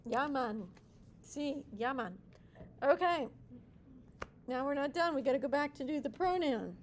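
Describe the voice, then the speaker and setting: Woman teacher in a classroom, high voice, slow and patient, keeps asking the class questions, faint room noise. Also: expressive. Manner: encouraging, mixes in Spanish praise and playful nicknames for students; explains step by step with repeated check-in questions. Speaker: Spanish teacher. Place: classroom with students.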